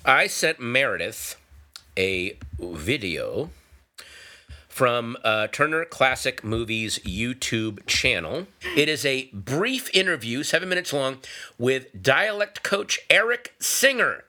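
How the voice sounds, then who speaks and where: A man co-hosting a casual podcast, teasing his co-host and telling stories with lively energy. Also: medium pitch, slow. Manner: teasing, animated storyteller. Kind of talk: casual chat.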